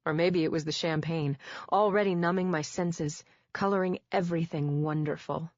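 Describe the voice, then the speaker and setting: Woman narrator, low voice, wry and measured first-person read; dull, dry studio sound. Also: steady tone, dry recording. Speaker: audiobook narrator.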